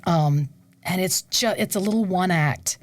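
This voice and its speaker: Animated, laughing woman, slightly low voice. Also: unhurried, dry recording. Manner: animated, laughs often, drops to whispers for emphasis. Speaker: guest, opera singer and conservatory staff. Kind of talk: casual interview.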